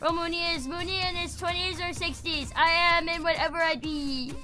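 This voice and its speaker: A woman's voice: very high voice, fairly even intonation, moderate pace, bright, forceful tone, soft background music. A woman streaming a game, chatting playfully with her audience and slipping into silly voices. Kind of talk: casual gaming stream chat.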